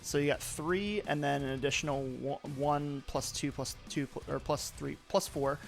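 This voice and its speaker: A man's voice: on the high side, steady tone, moderate pace, creaky. Man running a tabletop game, music behind. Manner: loose, hesitant narration full of fillers. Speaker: game master.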